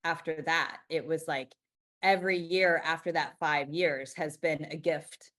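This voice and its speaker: With a low, steady, fairly bright voice and a measured pace, a business founder in her forties speaks candidly in a conversational interview. She stresses her points openly and often restarts what she's saying.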